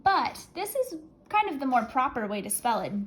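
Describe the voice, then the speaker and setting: A woman teaching a spelling lesson, dictating each word slowly and counting down before going over the letters. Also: sits high, very animated, low-quality recording. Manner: slow, clear, deliberate word-by-word dictation with countdowns.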